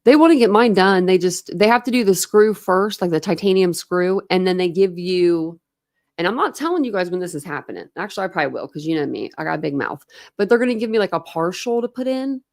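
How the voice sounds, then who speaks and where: An American woman hosts a true crime livestream from a room at home, chatting loosely with viewers and wandering between topics with laughter and fillers. Her lowish, darkish voice is expressive and fast, captured by a desk camera setup.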